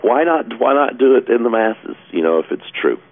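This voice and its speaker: A man's voice: mid-range voice, big pitch swings, normal speed. Argumentative male radio co-host, tinny line. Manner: argumentative, questioning. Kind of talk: talk radio commentary. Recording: tinny phone-like radio audio.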